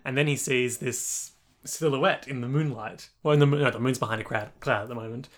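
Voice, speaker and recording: A man's voice: mid-range voice, brisk. A man co-hosting a podcast, casually recapping an anime episode and narrating its scenes with playful jokes. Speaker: podcast co-host.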